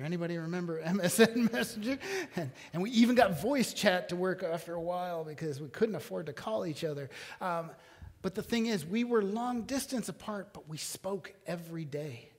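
Male pastor, thirties, chatty sermon to the room, slightly high voice, hall echo. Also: a little fast. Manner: conversational, asks the congregation questions. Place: church hall. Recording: long hall reverb.

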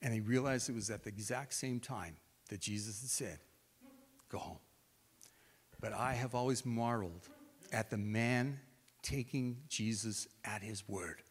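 A man preaching a sermon, retelling scripture in an animated storytelling way as if acting it out. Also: on the low side, slightly rough. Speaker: pastor. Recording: reverberant hall.

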